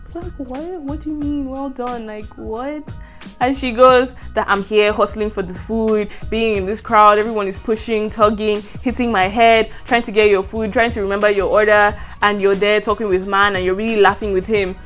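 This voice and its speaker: A woman's voice: mid-range voice, flat delivery, a little fast, hardly any pauses, a bit bright, soft background music. A young woman from Nigeria with a Nigerian English accent, telling a university story in a storytime vlog and laughing often. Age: young adult. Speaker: university student vlogger.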